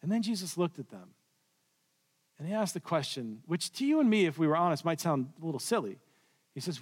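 A man preaching a sermon in a church, telling the story with swings from loud to hushed. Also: fairly high pitch, very animated, a little fast, husky. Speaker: pastor. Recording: long reverb of a large hall.

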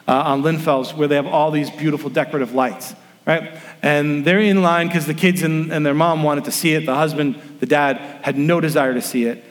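Pastor preaching in a reverberant hall. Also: male voice, a little high, a bit bright. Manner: storytelling, acts out quoted voices. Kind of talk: sermon. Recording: long reverb of a large room.

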